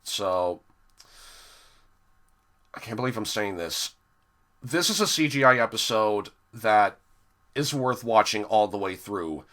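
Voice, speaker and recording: A man's voice: fairly low pitch, animated, takes it slowly, pauses often, a bit bright. A young man giving an exasperated, profane review monologue, sighing heavily between complaints. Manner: exasperated and profane, with heavy sighs. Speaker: episode reviewer.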